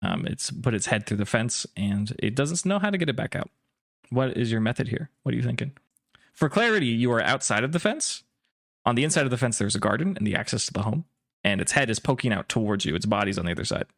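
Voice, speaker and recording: A man narrates as game master of a tabletop game, painting scenes with filler-laced storytelling. His pitch swings widely. The sound is close and dry. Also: fast, vocal fry, no echo. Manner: descriptive, lively storytelling with many ums.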